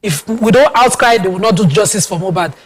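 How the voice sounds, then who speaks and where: A woman's voice: medium pitch, brisk. A woman hosting a talk show, speaking earnestly and sounding troubled. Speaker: host.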